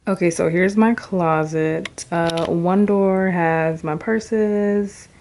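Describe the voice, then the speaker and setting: A woman's voice: on the low side, steady tone, slow, a little mellow, slight background noise. A young woman, out of breath and rambling with fillers as she casually vlogs from her bedroom. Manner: chatty, rambling, with many fillers. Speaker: vlogger. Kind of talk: casual chat.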